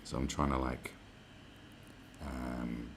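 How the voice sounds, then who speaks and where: A man's voice: rumbling low, level tone, slow pace, background noise. A man chatting live on his stream, rambling and swearing freely as he reads out messages from viewers. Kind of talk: casual livestream chat. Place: where he is staying, not his home.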